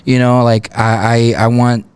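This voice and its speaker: A man's voice: medium pitch, flat delivery, unhurried, a little mellow, clean tone, no room sound. A young man in his twenties from El Paso, a guest singer chatting casually and laughing often. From El Paso, Texas. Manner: laid-back, laughs often, many fillers. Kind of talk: casual podcast chat.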